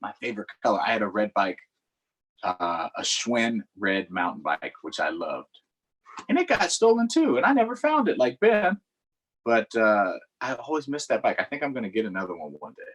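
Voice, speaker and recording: A man's voice: fairly low pitch, sing-song, normal speed, a bit bright, breathy edge. A man reading a picture book to children online, chatting to his young listeners between pages. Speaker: local politician reading to kids. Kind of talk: picture book read-aloud. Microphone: streamed online reading.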